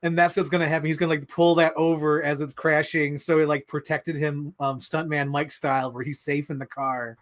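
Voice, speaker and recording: A man hosting a casual livestream, answering chat in an animated, excitable way with many fillers. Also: a little high, brisk, few pauses. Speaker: livestream host reading chat.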